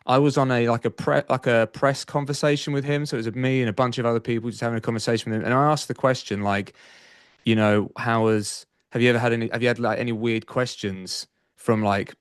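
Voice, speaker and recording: A man's voice: medium pitch, quick pace, clear, resonant tone, dry recording. Chatty male podcast host, dry sound. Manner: chatty, energetic host with frequent fillers. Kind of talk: casual podcast interview.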